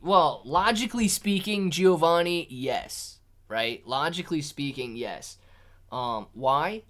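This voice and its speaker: Male live-stream host, casual and chatty, lots of "dude" and "man," talking softly at home. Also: a little high, lively intonation, slow. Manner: casual, says "dude" and "man" a lot, thinks aloud with restarts; talks softer to keep quiet near children. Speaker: livestream host reading chat.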